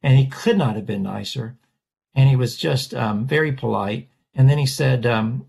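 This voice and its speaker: A man's voice: medium pitch, moderate pace, creaky, slightly rough. A man, a portrait artist, telling a story in an interview and acting out the voices of the people in it. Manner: animated storyteller, acts out quoted voices.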